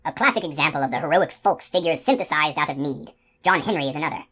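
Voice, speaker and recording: A woman's voice: low-pitched, fast talker, a bit bright, husky. A woman voicing a nervous, pompous male outlaw captain who talks in a fussy, lecturing way.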